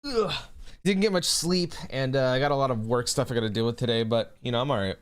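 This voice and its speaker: A male streamer talks fast and casually with his live audience, relaxed and loose. He swears freely and calls people "bro," his voice at a typical middle pitch for a man.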